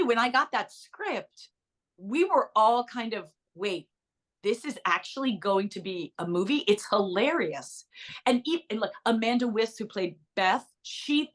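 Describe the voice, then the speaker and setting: A middle-aged woman, an actress and author, telling stories in a bubbly interview chat with quick asides. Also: a little high, a bit bright.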